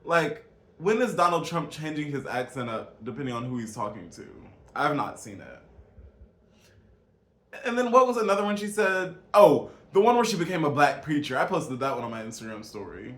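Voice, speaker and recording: A man's voice: a little high, very animated, moderate pace, fairly bright tone. A man vlogging a casual, incredulous rant straight to his viewers, emphatic and calling them y'all. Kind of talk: casual political rant to camera. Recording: echoey room.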